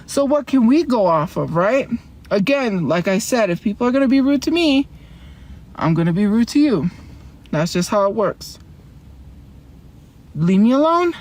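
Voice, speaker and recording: Streaming live from her car, a woman with a medium-pitched, slightly mellow voice rambles defensively and answers her chat with quick laughs.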